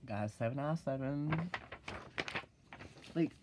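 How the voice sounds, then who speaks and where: A teenage boy rambling through a casual vlog, full of "like" and "freaking", swearing freely and jumping into loud, high exclaims when he mocks something. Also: measured pace, noisy background. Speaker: vlogger.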